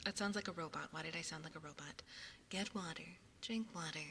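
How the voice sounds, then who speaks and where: A young woman chatting casually with her stream viewers, often dropping into a soft whisper, recorded on a binaural ASMR microphone. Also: deep voice, brisk, big-room sound, a little hiss or hum.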